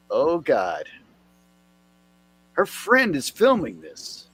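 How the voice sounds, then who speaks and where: A man riffs on a news clip, his voice sitting a little high and swinging all over the place. He talks slowly and drags out his sarcastic, profane jabs. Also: huge pitch swings, fairly bright tone, husky, no echo. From Mississippi, US. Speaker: commentator reacting to a news clip. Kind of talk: comedic reaction commentary.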